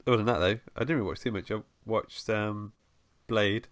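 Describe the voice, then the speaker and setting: A man co-hosting a podcast, talking casually with halting restarts. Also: on the low side, steady tone. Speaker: podcast co-host. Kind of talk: casual chat.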